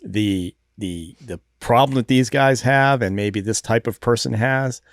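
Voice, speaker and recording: A man's voice: mid-range voice, unhurried, no room sound, studio quality. A man co-hosting a film podcast who talks hesitantly and often trails off mid-thought. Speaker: podcast co-host. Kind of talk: casual film review chat.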